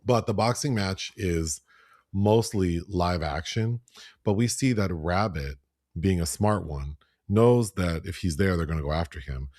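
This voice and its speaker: A man co-hosting a podcast, casually retelling a film's plot and mimicking characters in higher voices. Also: a little slow, no echo, clean studio sound. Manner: animated, breaks into high voices when quoting. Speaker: podcast co-host. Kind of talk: casual film review chat.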